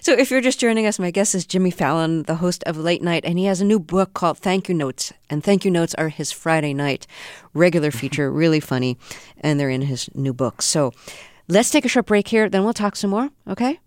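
A woman host running a radio interview, introducing her guest and asking measured questions. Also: lowish voice, animated, dry recording.

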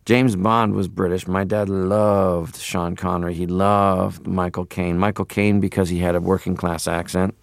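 A man's voice: sits low, unhurried, gravelly, few pauses, no room sound, studio quality. A man from Canada, a film guest, telling reflective stories in an interview and slipping into impressions. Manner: reflective, animated, slips into impressions. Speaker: guest, filmmaker.

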